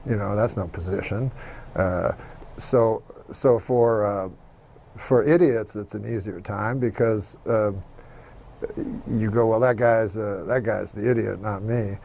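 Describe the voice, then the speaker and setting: Low gravelly man, hesitant talk. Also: a little mellow, a little hiss or hum. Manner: hesitant, lots of filler. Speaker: comedian guest. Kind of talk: casual interview talk.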